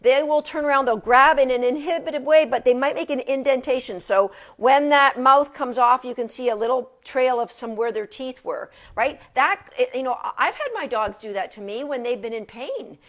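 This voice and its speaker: A woman's voice: sits high, normal speed, hardly any pauses. A woman dog trainer giving an informal lecture from her couch at home in a chatty, casual way with frequent restarts.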